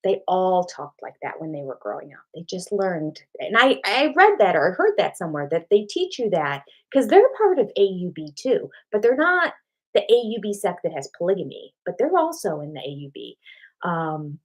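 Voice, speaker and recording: A woman's voice: fairly low pitch, sing-song, moderate pace. An older woman hosting a casual live-stream chat at home, talking with fillers and restarts into a cheap desktop microphone. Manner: chatty, thinks aloud with fillers and restarts. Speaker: channel host answering live chat. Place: home room.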